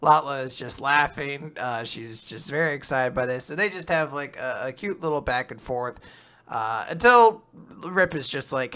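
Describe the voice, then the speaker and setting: A man co-hosting a casual podcast, retelling a manga chapter as an animated storyteller who laughs often and acts out the quotes. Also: medium pitch, normal speed. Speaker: podcast co-host.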